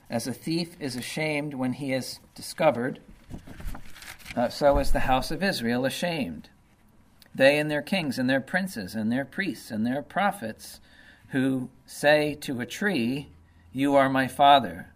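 A man teaching through Bible verses, reading passages slowly and then explaining them in a casual way with many fillers like "uh" and "you know.". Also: medium pitch. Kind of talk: informal Bible study talk.

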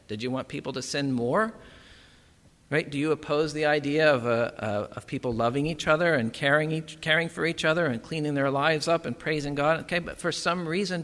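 A man's voice: fairly high pitch, fairly bright tone. A man preaching a sermon in a conversational way, often checking in with "right?" and "okay". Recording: long hall reverb.

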